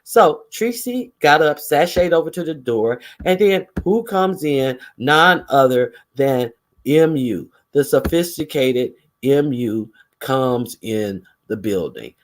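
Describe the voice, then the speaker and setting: A man giving casual gossip commentary in a profane, sarcastic, animated way. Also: medium pitch, takes it slowly. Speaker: vlogger.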